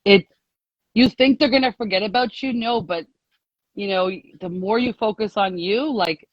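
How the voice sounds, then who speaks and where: A woman's voice: medium pitch, normal speed, no room sound, lo-fi sound. A woman guest on a casual live call, telling her story in a chatty, rambling way, full of "like"s and laughter. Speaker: guest sharing a success story.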